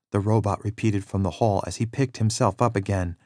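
A man narrating a children's adventure story in a measured, expressive read-aloud style, with a very dry sound. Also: lowish voice, dry recording.

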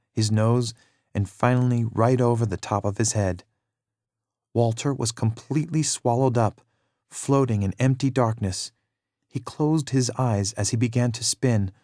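Casting: male storybook narrator, low and measured, dry close-miked sound. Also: a little mellow, no room sound.

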